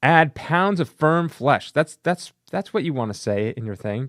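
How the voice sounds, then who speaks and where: A man's voice: a little high, expressive, unhurried, fairly bright tone, dry recording, studio quality. A man giving casual, sarcastic commentary on vintage comic book ads, laughing at what he reads. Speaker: comic book collector and YouTuber.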